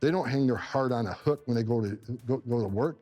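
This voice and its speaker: Faint music sits behind this fast-talking, warm, mid-range male voice, recorded without echo. He is a middle-aged upstate New Yorker and ex-director of immigration enforcement whose interview replies are emotional and intense, with repetition when he is stirred.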